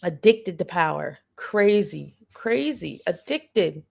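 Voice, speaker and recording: A woman hosts a livestream, delivering blunt, profane, sarcastic political commentary and repeating phrases for emphasis. Her mid-range voice is expressive and unhurried.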